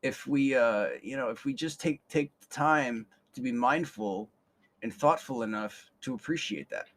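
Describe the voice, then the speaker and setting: A man's voice: mid-range voice, moderate pace, a bit bright. A young man hosting a podcast, telling a rambling story with casual swearing and a lot of repeated words. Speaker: podcast host.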